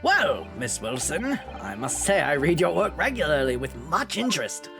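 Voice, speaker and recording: Brief: gruff older gent, read by a male streamer, raspy, formal, blustery. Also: high-pitched, wildly swooping pitch, fast talker, over music, exaggerated voice. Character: stern older gentleman, gruff official.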